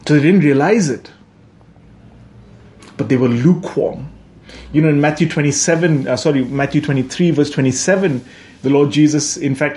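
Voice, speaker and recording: A man's voice: mid-range voice, a little mellow. A man preaching a sermon in a conversational way, often checking in with "right?" and correcting himself. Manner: conversational, frequent "right?" asides, self-corrections. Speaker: pastor.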